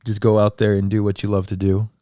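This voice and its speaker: A young man co-hosting a podcast in casual chat, soft-spoken and low-key, rambling a little. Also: monotone, fast talker, no room sound, clean studio sound. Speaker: podcast co-host.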